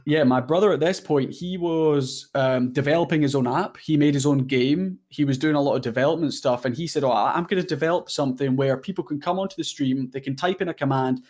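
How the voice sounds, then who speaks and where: A man's voice: on the high side, a little fast, hardly any pauses, a little mellow. Rambling young man, laid-back guest. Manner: rambling, self-deprecating, many fillers. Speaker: guest content creator. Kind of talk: casual interview chat.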